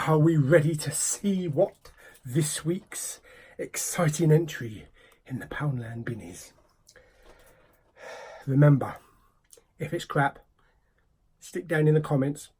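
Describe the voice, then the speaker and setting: A man's voice: fairly high pitch, animated, slow pace, long pauses, darkish tone, slightly rough. A man hosting a casual, jokey unboxing vlog, often dropping into whispered asides. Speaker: YouTube host.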